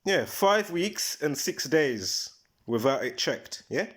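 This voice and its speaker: A man's voice: a little high, very animated, slow. A man hosting a casual livestream, talking in a rambling, emphatic way and breaking off mid-thought to recall details. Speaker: livestream host.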